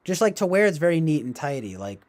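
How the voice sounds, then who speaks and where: A young man hosting a livestream, musing out loud in a rambling way, full of fillers, self-corrections and little chuckles. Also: fairly high pitch, big pitch swings, fast. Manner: chuckles often while talking. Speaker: livestream host. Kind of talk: casual rambling livestream talk.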